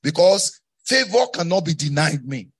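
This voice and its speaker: West African pastor preaching with repetition. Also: male voice, a little high, sing-song, moderate pace, husky. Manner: call-and-response preaching, repeats phrases, rising to shouts. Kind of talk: sermon.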